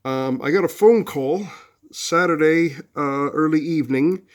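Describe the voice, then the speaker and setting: A man's voice: fairly high pitch, a little slow. A man talking through a psychological idea and telling a story about a friend, conversational, with fillers and restarts. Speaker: video host. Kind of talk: casual explanatory talk.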